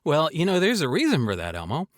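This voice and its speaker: Lively jokey man coaching on voice. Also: fairly high pitch, fast, no room sound, clean studio sound. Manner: jokey, rambling, demonstrates sounds aloud. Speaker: voice-over coach and show host. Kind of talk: casual on-camera tutorial.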